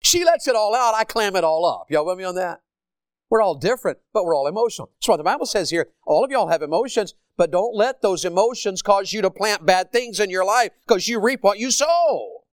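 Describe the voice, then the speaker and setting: A man preaching a sermon to a congregation, asking it questions and moving between loud emphatic points and quiet storytelling. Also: high-pitched, expressive, a little fast, dry recording, studio quality. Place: church or school hall with a congregation.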